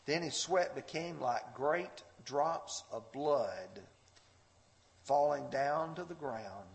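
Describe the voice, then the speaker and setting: A man preaching a sermon in a church sanctuary, his high voice ringing out as the sound carries into a long reverb. He takes his time, leaning hard into scripture with earnest, fervent pleading. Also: expressive, takes it slowly, gravelly.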